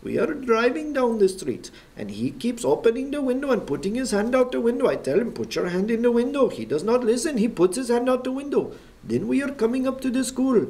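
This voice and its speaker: Man putting on a shrill ranting bus driver. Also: very animated, a little mellow, full character voice. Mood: indignant ranting. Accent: Pakistani. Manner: rapid insistent ranting, repeats himself. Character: agitated, indignant male bus driver, middle-aged.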